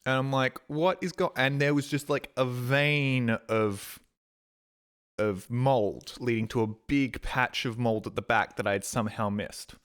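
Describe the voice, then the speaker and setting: Man, game streamer, casual chat, rambling anecdotes, mid-range voice, jumps high when quoting himself. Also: unhurried, fairly bright tone, clean tone. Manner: rambling anecdotes, mimics his own past reactions with sudden high-pitched exasperation.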